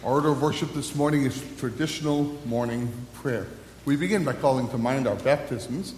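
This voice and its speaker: Pastor leading worship in an echoey church. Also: male voice, medium pitch, a little mellow, a little hiss or hum. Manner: measured liturgical cadence with hesitant fillers in announcements. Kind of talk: church announcements and liturgy. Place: church sanctuary.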